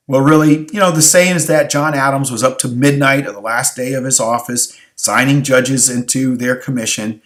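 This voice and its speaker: A man's voice: mid-range voice, steady tone, moderate pace, hardly any pauses, fairly bright tone. A tired male history teacher giving a review lecture, asking rhetorical questions and repeating key phrases. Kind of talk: recorded exam review lecture.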